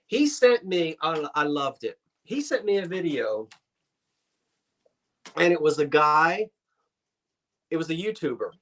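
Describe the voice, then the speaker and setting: A man's voice: on the high side, big pitch swings, unhurried, long pauses, fairly bright tone. A man co-hosting a casual live-stream chat, teasing playfully and telling stories. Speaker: co-host.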